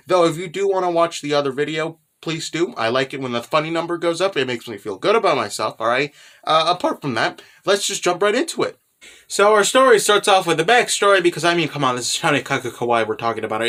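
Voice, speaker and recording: A man's voice: fairly high pitch, a bit bright. A man casually recapping a manga chapter, rambling loosely with lots of fillers and tag questions, and dropping sarcastic asides. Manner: filler-heavy, keeps tagging "right?" and "you know".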